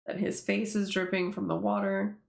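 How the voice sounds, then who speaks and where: A woman's voice: medium pitch, little pitch movement, normal speed, creaky. A woman casually rambling through commentary on her own comic, swearing freely and laughing as she goes. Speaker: webtoon creator reading her own comic. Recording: echoey room.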